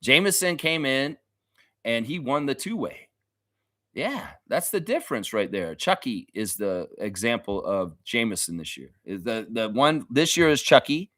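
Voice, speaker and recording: Animated, profane basketball streamer. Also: male voice, medium pitch, a little slow, no room sound, studio quality. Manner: animated, blunt and profane, laughs often. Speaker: host of a daily basketball livestream. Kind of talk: casual livestream commentary reading chat.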